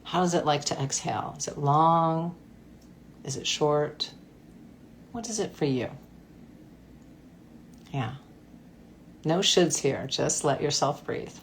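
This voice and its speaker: A woman coach guiding a breathwork practice in a gentle, playful way. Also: deep voice, slow pace, long pauses, slight background noise. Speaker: mindfulness coach. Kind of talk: guided breathwork instruction.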